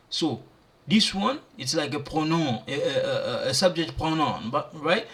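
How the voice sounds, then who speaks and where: A man teaching pronunciation, repeating syllables and words slowly for learners. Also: a little high, animated, fairly bright tone. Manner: slow, repeats sounds and words aloud for learners. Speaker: language teacher. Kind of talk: pronunciation lesson.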